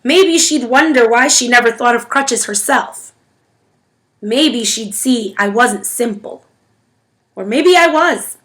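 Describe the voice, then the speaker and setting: Expressive woman reading a novel aloud. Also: on the high side, slow pace. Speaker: audiobook reader. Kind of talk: first-person novel narration.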